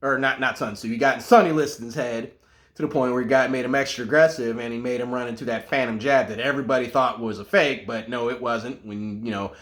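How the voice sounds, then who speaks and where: Animated man riffing on mastery. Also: mid-range voice, fast talker. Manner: animated, digressive, with frequent asides and restarts. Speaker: martial arts commentator. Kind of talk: casual monologue.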